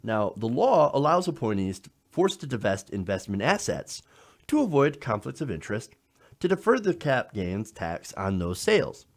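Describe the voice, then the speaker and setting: A man's voice: mid-range voice, very animated, moderate pace. A man hosting a political commentary show, explaining in an emphatic style and often checking in with the listener. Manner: emphatic, explanatory, frequent "now" and "okay?" checks.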